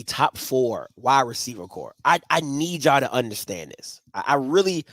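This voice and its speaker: A man hosting a postgame call-in show, excitable, often repeating himself as he talks fast and loud about the game. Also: on the high side, no room sound. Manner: excitable, repeats and restarts, shouts. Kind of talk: animated sports call-in talk.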